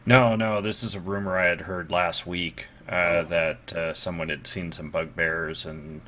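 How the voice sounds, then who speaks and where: A man with a very deep, flat voice speaks in character at a tabletop game, bright in tone and halting, with plenty of "uh"s. A faint noise runs underneath. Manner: hesitant, halting, many fillers. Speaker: player.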